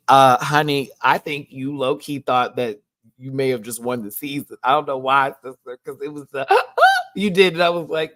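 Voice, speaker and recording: Animated woman gushing in a live review. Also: sits low, moderate pace. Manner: animated, gushing, laughs a lot. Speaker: show reviewer.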